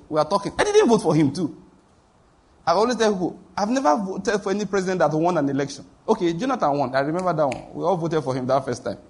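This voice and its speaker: A pastor preaches a sermon full of stories, acting out the voices of the people in them and laughing at his own anecdotes. His voice is on the high side and slightly rough.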